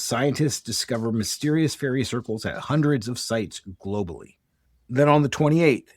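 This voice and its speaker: American guy hosting a podcast at home, kinda low voice, dry sound, keeps tripping over his words. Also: no room sound. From United States. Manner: rambling, self-correcting, stumbles over words. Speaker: podcast co-host. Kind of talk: casual podcast talk from notes. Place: home with dogs nearby.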